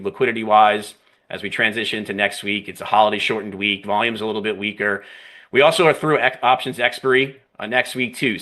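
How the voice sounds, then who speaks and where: A man's voice: lowish voice, bright, forceful tone. A man analyzing the markets on a live trading stream, talking fluently and often tagging his phrases with "right?" and "you know.".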